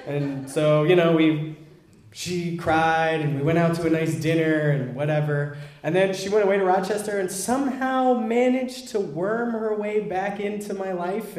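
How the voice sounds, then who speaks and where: A man's voice: a little high, echoey room. A young man candidly telling a self-deprecating personal story, acting out what people said.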